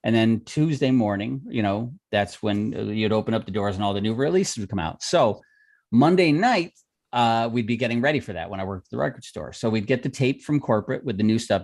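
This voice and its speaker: A brisk man with a fairly low, darkish voice co-hosts a podcast, telling long stories during casual livestream chat. He's a music industry veteran who used to clerk at a record store, and he rambles, restarting repeatedly and using lots of fillers.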